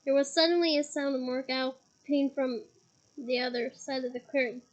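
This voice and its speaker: A young woman with a head cold reading a novel aloud, telling the story with steady, dramatic emphasis. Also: high voice, moderate pace, poor audio. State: head cold, occasional coughing. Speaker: reader.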